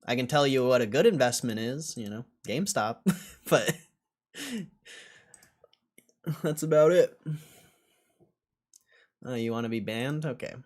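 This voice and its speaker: A man's voice: mid-range voice, animated, moderate pace. A young man hosting a casual stock livestream and answering chat in a sarcastic, laid-back way, swearing and laughing often.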